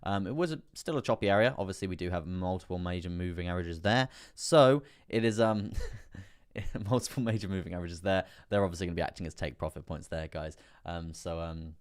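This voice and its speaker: A man's voice: low voice, brisk. A man hosting a casual live stream, chatting through price charts, laughing often and repeating his words as he goes. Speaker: crypto livestream host.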